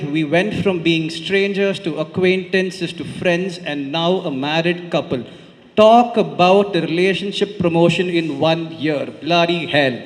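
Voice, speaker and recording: A young man with a Konkani Indian English accent giving a heartfelt wedding reply speech at a podium, often adding "right?". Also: fairly high pitch. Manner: heartfelt, tag questions "right?". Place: large banquet hall. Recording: long reverb of a large hall.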